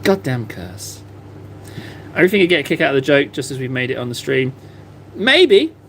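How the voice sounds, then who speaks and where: A man's voice: on the high side, very animated, quick pace, gravelly, slight background noise. A man chatting casually on a live stream, self-mocking and rambling as he paints. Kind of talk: casual livestream chat while painting.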